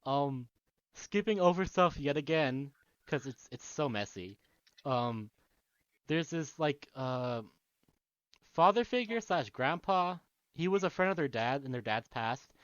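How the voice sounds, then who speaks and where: A man with a slightly high voice and lively intonation talks at a measured pace while co-hosting a casual podcast. He retells a video game's story, swearing and laughing a lot. The recording, from a dull lo-fi podcast mic, has no room sound.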